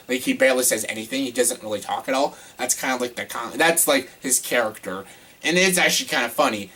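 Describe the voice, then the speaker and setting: Man, movie reviewer, casual vlog, husky breathy voice, animated, exasperated, swearing. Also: mid-range voice.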